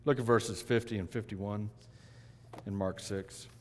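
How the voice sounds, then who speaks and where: A male pastor delivering a sermon, swinging between loud emphatic lines and hushed, quiet ones. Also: fairly low pitch, steady tone, unhurried, a little hiss or hum. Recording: long hall reverb.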